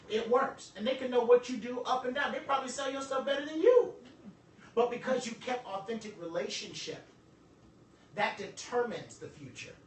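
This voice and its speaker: A man giving a joking, animated motivational talk to a group, acting out little dialogues as he goes. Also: very high voice, reverberant, distant mic, slight background noise, rough recording. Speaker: workshop speaker.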